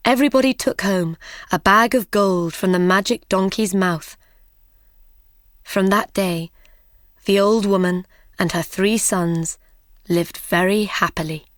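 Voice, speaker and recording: Slow, clear woman storybook narrator. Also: mid-range voice, dry recording, studio quality. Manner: slow, carefully clear phrasing. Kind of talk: graded storybook reading for English learners.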